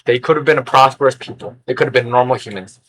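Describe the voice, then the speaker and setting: Bright-voiced rambling young-sounding man. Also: medium pitch, fairly even intonation, quick pace. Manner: rambling, sarcastic and erratic, with sudden loud outbursts. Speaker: record collector vlogger. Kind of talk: rambling unscripted vlog chat.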